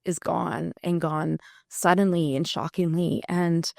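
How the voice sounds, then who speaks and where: Candid woman with a gravelly low voice. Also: little pitch movement, measured pace, dry recording, studio quality. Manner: candid, reflective, many fillers. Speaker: musician guest. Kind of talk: casual interview talk.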